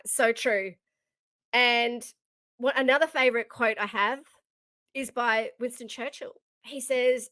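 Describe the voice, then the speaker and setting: A woman's voice: fairly high pitch, steady tone, measured pace, pauses often, fairly bright tone, no room sound. A middle-aged woman hosting a motivational leadership podcast, talking in a heartfelt, emphatic way and repeating her key phrases. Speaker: leadership coach and podcast host.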